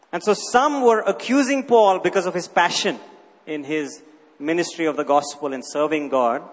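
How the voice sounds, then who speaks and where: A man with a high voice preaches in a large hall, and his words ring out with a long echo. He teaches emphatically, asking rhetorical questions and repeating his key points. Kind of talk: sermon.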